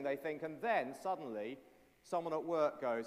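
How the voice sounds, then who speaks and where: Preacher in an echoey church hall. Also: male voice, on the high side, normal speed. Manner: animated, playful with children, acts out voices of doubters. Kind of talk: sermon with children's object lesson. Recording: long echoey hall reverb.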